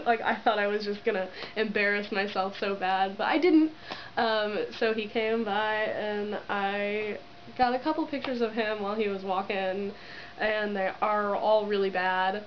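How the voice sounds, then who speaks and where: A woman's voice: medium pitch, slight background noise. A young woman telling a story to her camera in a giddy, giggly way, gushing and full of "like" fillers, on dull lo-fi camera audio. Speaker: vlogger. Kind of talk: excited casual storytelling to camera.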